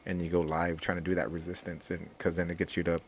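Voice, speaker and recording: Deep-voiced man chatting casually. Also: fast talker, slight background noise. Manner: relaxed, rambling, many restarts and fillers. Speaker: jiu-jitsu instructor and guest. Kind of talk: casual podcast chat.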